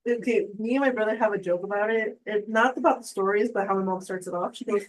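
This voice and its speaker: A woman in a casual podcast chat who tells stories in an animated way and laughs often. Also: medium pitch, fast, rough recording.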